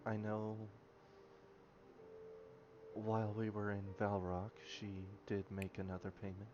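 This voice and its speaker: A man's voice: lowish voice, level tone, measured pace, background noise, lightly acted. A man voicing a hesitant, worried woman. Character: gentle worried young woman adventurer. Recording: muffled lo-fi with music behind.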